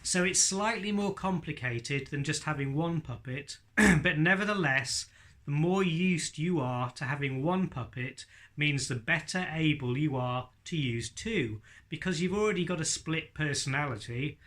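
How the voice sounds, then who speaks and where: A man teaching ventriloquism, talking chattily to his viewers in a friendly tutorial. His voice sits a bit high for a man. The tone is bright and forward. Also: expressive, measured pace. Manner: chatty, addresses viewers directly. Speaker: ventriloquism instructor.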